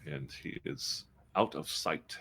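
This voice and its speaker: Bright-voiced man as game master. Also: a bass voice, slow pace, vocal fry, faint music behind. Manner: animated, describes combat results. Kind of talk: narrating a tabletop game.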